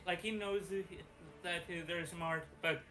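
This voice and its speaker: Guy playing a tabletop rpg, slow and halting, lots of uhs, bright voice, bit of music behind. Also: fairly high pitch, fairly even intonation, low-quality recording. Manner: halting, many fillers and restarts. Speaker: player. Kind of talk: tabletop role-play chat.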